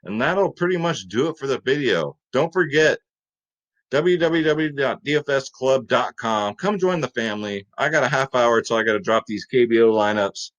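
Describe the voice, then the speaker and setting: Male host, mid-pitched, excitable and chatty, pitching sports picks. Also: normal speed, rough recording. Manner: hyped, chatty, salesy. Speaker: fantasy sports video host. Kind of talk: casual fantasy sports picks talk.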